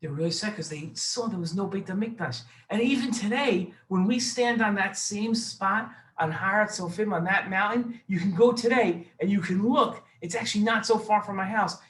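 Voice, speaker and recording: A man's voice: sits high, normal speed, hardly any pauses, fairly bright tone. Man telling a kids' story, echoey room. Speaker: rabbi telling a children's story. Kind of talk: children's storytelling.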